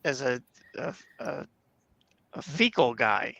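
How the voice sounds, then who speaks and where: A man's voice: medium pitch, very animated, takes it slowly, gravelly, fairly bright tone, no echo, dull audio. A man co-hosting a podcast, telling crude stories in casual chat and laughing through them. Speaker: podcast co-host.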